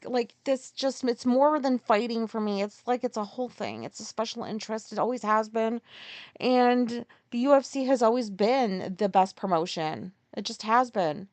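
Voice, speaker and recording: A woman's voice: fairly high pitch, expressive, moderate pace, dry recording. A woman hosting a solo podcast, ranting in an exasperated, profane, casual way. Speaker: podcast host.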